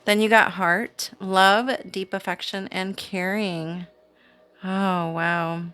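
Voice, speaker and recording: Slow-talking woman reading cards. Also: mid-range voice, steady tone, sharp tone, soft background music. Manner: slow, soothing, chatty with small laughs. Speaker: tarot reader, channel host. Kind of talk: casual spiritual reading to camera.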